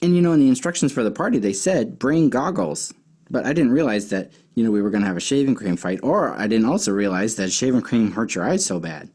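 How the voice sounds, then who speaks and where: A man's voice: fairly low pitch, animated, fast talker, hardly any pauses, a little mellow. A man teaching a children's Bible lesson as a casual story, chatty and full of fillers and restarts.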